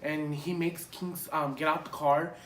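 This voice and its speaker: Animated young man in an echoey room. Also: fairly high pitch, measured pace. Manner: animated, profane, lots of fillers. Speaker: vlogger. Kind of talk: casual storytime vlog. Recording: echoey room with faint hiss.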